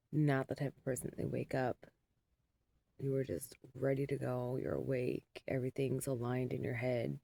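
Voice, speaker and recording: Gravelly-voiced mom rambling through a story. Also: female voice, a bass voice, warm tone. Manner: rambling and self-deprecating, with many fillers. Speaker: mother telling a story.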